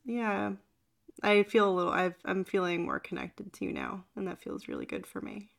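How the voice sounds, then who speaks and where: A woman's voice: medium pitch, big pitch swings, normal speed, creaky. A woman hosting a podcast over a video call, talking in an effusive, open way with frequent laughs and restarts. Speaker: podcast host. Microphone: video call microphone.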